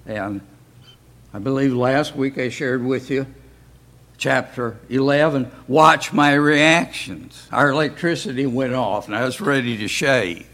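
Speaking a little slowly with a fairly bright tone, a mid-range male voice teaches an informal Bible class at church. His folksy delivery leans on plenty of rhetorical questions.

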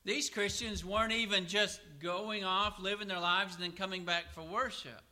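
Man preaching, very bright tone, slightly high voice, asks and answers his own questions, slows to read scripture. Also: fairly even intonation. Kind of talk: sermon.

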